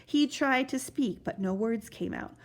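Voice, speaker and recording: A woman's voice: on the high side, measured pace. A woman expressively reading a children's storybook aloud. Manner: expressive, animated narration.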